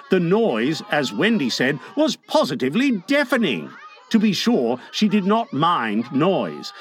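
Expressive man reading a storybook aloud. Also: high voice. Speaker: narrator.

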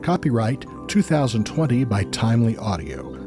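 A man reading a formal closing announcement in a measured voice. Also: mid-range voice, expressive. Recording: voice over clear music.

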